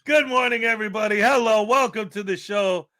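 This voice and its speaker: A man from the American Midwest hosting a live stream in casual chat, boisterous and given to loud hype shouts and laughter. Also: sits high, fairly quick. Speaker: livestream host. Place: house in Florida.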